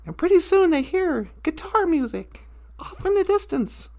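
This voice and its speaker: A woman's voice: extremely high pitch, very animated, moderate pace, mellow. A woman telling a story casually on a live stream, often laughing as she goes.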